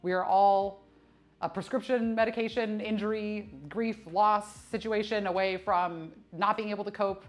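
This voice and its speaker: This American woman in her thirties talks casually on a live stream from the gym, her medium-pitched voice moving at a moderate pace with fairly even intonation. She is candid, laughs a lot, and swears without hesitation, all captured through a streaming camera mic.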